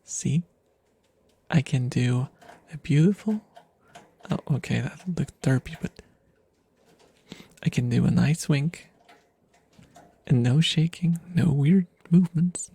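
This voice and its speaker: Gravelly, breathy man in soft ASMR chat. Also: on the high side, a little slow, long pauses. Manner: rambling, self-deprecating, drifting in and out of whispers. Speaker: ASMR streamer.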